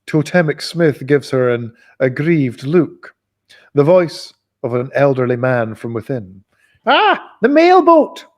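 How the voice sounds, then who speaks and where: A man reading a novel aloud in a live reading, expressive and giving the characters voices. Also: mid-range voice, measured pace. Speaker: audiobook reader.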